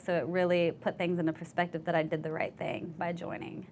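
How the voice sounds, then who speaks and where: A young woman veteran telling her story in an oral history interview, candid and animated, acting out the voices of others. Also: lowish voice, brisk, few pauses, a little hiss or hum. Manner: candid storytelling, acts out quoted voices, laughs easily.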